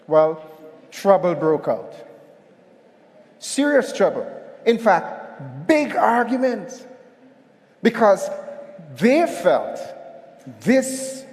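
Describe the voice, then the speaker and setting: Guy giving a keynote, slow and deliberate, lots of call and response, big echoey hall. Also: high voice. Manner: animated storytelling with audience call-and-response. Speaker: keynote speaker. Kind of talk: motivational conference talk. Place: large conference hall.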